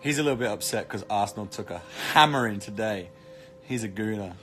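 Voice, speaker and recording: A man's voice: fairly low pitch, animated, brisk, a bit bright, soft background music. A British man chatting casually on a live stream, reading comments with cheeky, joking banter. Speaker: actor streaming live to fans.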